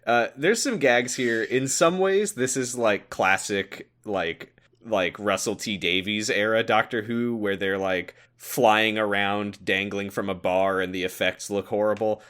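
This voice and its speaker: Wry low-voiced podcast co-host. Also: male voice, unhurried, a bit bright. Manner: dry, wry summarizing with sarcastic quips. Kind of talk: casual chat recapping a TV episode.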